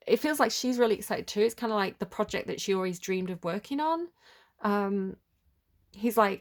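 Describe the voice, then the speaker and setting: A woman's voice: on the high side, lively intonation, normal speed. A woman giving an unscripted tarot reading, rambling and tentative as she thinks aloud and fills her talk with "like" and "kinda". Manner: rambling and chatty, full of "like" and "kinda". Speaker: tarot reader.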